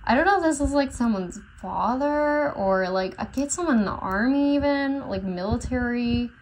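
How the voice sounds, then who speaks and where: A woman's voice: on the high side, animated, normal speed, low-quality recording. A woman tarot reader talking in a casual, rambling way, full of fillers and unsure asides as she channels messages. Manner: rambling, unsure, many fillers and self-corrections.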